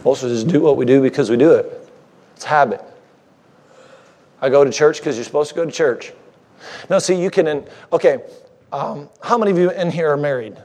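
Guy preaching, kinda high voice, jokes around with the church folks, casual sermon vibe. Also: a little fast, pauses often, a little mellow. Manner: conversational, joking with the congregation. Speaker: guest preacher.

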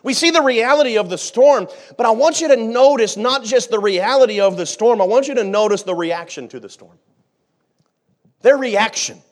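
A man preaching a sermon, who jokes with the congregation and acts out scenes, swinging from hushed asides to shouting. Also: very high-pitched, normal speed. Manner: dramatic, acts out the disciples' panic, swings from quiet to shouting. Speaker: pastor.

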